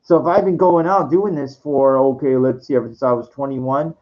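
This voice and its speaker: With a medium-pitched voice, fairly even intonation and a moderate pace, a man in his forties rambles through a rant about his life. He restarts with stammers many times, curses frequently and has exasperated outbursts, on dull lo-fi audio.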